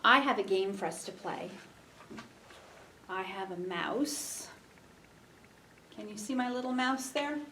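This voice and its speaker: A woman's voice: mid-range voice, takes it slowly, pauses often, bright, forceful tone, far from the mic, a little hiss or hum, rough recording. A woman librarian giving a storytime reading for children, sing-song and stopping to ask the little listeners questions. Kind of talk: storytime read-aloud for children.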